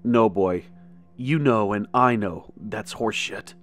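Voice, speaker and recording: A man voicing a blunt, gruff cowboy stranger in his fifties in a spoken horror story. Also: fairly low pitch, takes it slowly, faint music behind. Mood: menacing. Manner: blunt, gruff, calls him boy.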